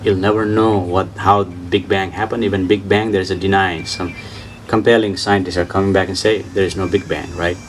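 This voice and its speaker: A man giving an informal spiritual talk and answering questions, repeating his points insistently in slightly broken English and laughing softly. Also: low-pitched, steady tone, normal speed, few pauses, distant mic, a little hiss or hum, poor audio. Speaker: spiritual teacher.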